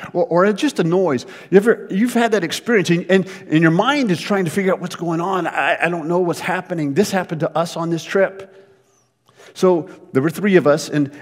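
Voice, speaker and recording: Pastor preaching in an echoey church. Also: male voice, a little high, normal speed. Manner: storytelling, animated with repeated words. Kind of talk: sermon. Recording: long reverb of a church hall.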